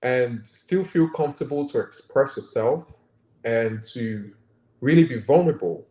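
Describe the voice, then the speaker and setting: Speaking unhurriedly in a warm, expressive, medium-pitched voice, a guest doctor with a Nigerian accent reflects earnestly during a conversational interview. He often checks in with "right?", and the recording echoes as if in a large room.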